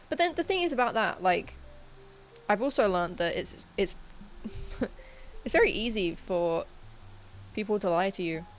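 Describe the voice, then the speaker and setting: A woman streaming and chatting casually with her viewers. She rambles and hesitates, with lots of fillers and restarts. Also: mid-range voice. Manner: talks to chat viewers. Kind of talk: casual livestream chat.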